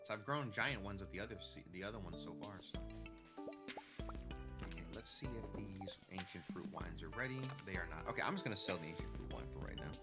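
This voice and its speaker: A man's voice: low-pitched, expressive, brisk, loud music behind the voice. A man chatting casually and rambling off the cuff while streaming a farming game. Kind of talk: casual chat while gaming.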